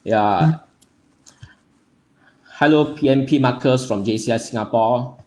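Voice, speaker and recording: A young man from Nepal speaks as he hosts a livestream, greeting viewers one by one by name. His delivery is casual and halting, with plenty of fillers as he reads out the chat. His voice sits at an ordinary, middle pitch. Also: dark tone. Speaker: livestream host.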